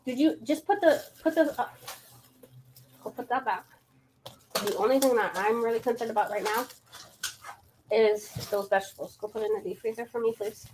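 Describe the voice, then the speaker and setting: A woman's voice: a little high, brisk, pauses often, noisy background. Chatty woman hosting a book livestream. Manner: chatty, laughs often, greets chat viewers by name. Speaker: book channel host. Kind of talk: casual livestream chat.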